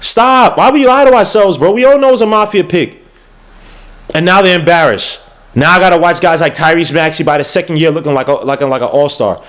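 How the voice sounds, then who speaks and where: A man's voice: fairly high pitch, a little fast, fairly bright tone. A young man hosting a casual livestream podcast, ranting in a heated, exasperated way with slang, repeats and restarts. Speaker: podcast host.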